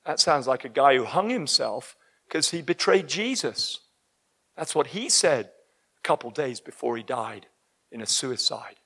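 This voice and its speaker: A man preaching a sermon, emphatic and breaking into shouts at the high points. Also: very animated, a little slow, husky.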